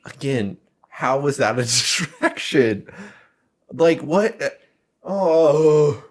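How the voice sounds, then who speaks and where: A man's voice: on the high side, lively intonation, very slow. A man podcast co-host cutting in with sarcastic, jokey remarks during a casual chat. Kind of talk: casual chat with joking interjections.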